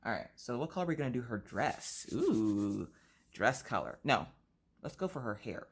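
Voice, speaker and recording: A woman with a slightly stuffy nose chats casually as she colors on camera. She vents in a lively, theatrical way and piles up one rhetorical question after another. Her tone stays easy and conversational. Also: very deep voice, normal speed, breathy edge. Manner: animated, exaggerated rhetorical complaining. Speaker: craft vlogger. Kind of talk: casual chat while coloring.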